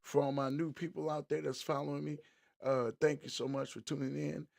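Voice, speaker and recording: A man's voice: a little high, little pitch movement, brisk, vocal fry, a little mellow, no echo, studio quality. A middle-aged man hosting a live-streamed podcast, opening the show in an upbeat, chatty way and greeting viewers by name. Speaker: podcast host.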